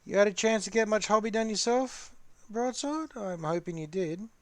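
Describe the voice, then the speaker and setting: Chatty man with a fairly high voice. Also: moderate pace, no room sound. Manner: rambling, chatty, talks to the chat. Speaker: streamer hosting a hobby chat. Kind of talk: casual live-stream chat while painting models.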